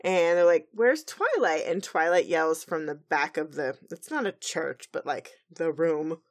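A woman co-hosting a podcast, recapping an episode with animated, giggly storytelling. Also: low-pitched, measured pace. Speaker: podcast co-host.

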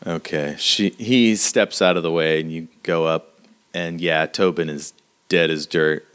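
A man narrating a tabletop role-playing game as game master, halting with many fillers. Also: sits low, steady tone, fairly bright tone, clear, resonant tone.

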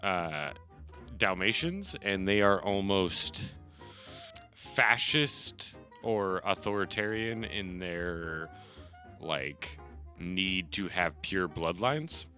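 A man narrating a tabletop game as game master, halting with many fillers. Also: sits low, animated, pushed and bright, faint music behind.

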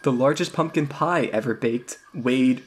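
A man's voice: mid-range voice, unhurried. A man playing a tabletop game in a casual, playful chat. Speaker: player.

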